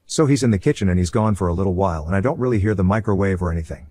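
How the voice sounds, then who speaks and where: Low-voiced man reading a story aloud. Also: rapid-fire, warm tone. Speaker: story narrator. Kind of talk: reading a first-person online story aloud.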